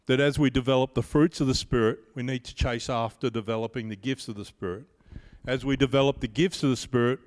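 A man's voice: medium pitch, smooth. Man preaching in a reverberant hall. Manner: measured, personal storytelling. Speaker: pastor. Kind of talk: sermon. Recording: long reverb of a large hall.

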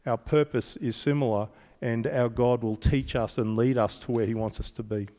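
A man delivering a sermon in an animated, conversational way, telling stories to his congregation. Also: mid-range voice, normal speed. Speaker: preacher. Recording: reverberant hall.

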